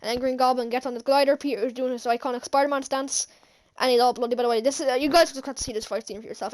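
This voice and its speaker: A woman giving an excited, rambling movie recap as a vlogger, gushing, with lots of fillers and restarts. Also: high-pitched, fast.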